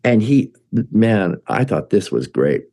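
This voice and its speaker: A man's voice: lowish voice, sing-song, takes it slowly, warm tone. A man guest telling a long, chatty story with lots of fillers, restarts and laughs. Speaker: musician guest. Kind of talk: casual rambling storytelling.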